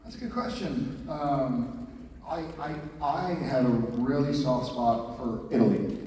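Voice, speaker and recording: A man's voice: medium pitch, measured pace, dark tone. Middle-aged man in an echoey hall. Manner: playful, rambling with fillers and restarts. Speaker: convention panel guest. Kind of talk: casual Q&A answers. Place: large convention hall. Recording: echoey hall from far off with crowd. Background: audience noise.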